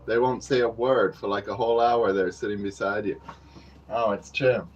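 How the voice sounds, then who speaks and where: A man's voice: fairly low pitch, fairly even intonation, moderate pace, muffled recording. A man vlogging outdoors near a construction site, rambling wryly and cursing freely into a handheld camera. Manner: profane, rambling and wry. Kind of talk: casual rambling monologue to camera.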